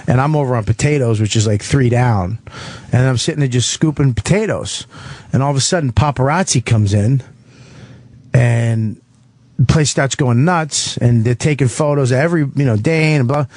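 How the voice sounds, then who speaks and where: A man's voice: mid-range voice, moderate pace, dry recording. A man telling a rambling, profane anecdote on a radio talk show, acting out the people in it. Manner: profane, rambling, animated anecdote with voiced quotes. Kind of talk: casual storytelling. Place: radio studio.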